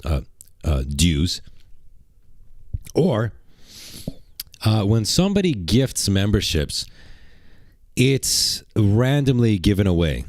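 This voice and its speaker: Male streamer, low voice with big swings, brash and excitable, dry close mic. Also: no echo. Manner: brash, excitable, talks to chat. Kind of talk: casual livestream chat.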